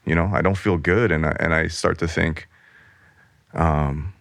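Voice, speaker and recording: A man's voice: low-pitched, fairly even intonation, a little slow, gravelly, a bit bright, no echo, studio quality. A middle-aged man, a guest on an interview podcast, telling a candid personal story in a rambling, self-interrupting way and acting out the voices of the people in it. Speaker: guest, artist.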